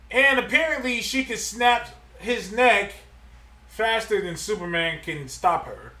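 A man co-hosting a casual podcast chat, animated and emphatic, laughing often. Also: sits high, unhurried, echoey room, recorded from a distance. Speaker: podcast co-host.

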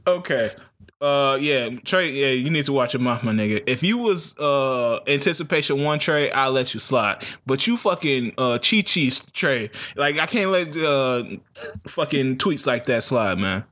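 A man's voice: medium pitch, animated, unhurried, fairly bright tone. Loose, joking young man on a podcast. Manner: loose, joking, profane banter. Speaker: podcast co-host. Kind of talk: casual chat.

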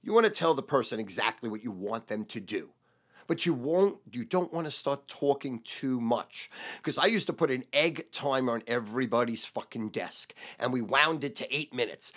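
A middle-aged man, a sales trainer giving a profane motivational rant and shouting repeated keywords. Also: medium pitch, expressive, moderate pace.

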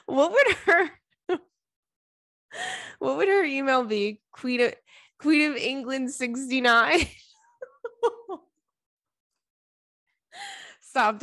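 A woman's voice: sits high, fairly bright tone, dry recording, studio quality. Chatty, blunt woman podcast host. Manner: chatty, blunt, profane, laughs often. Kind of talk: casual advice chat.

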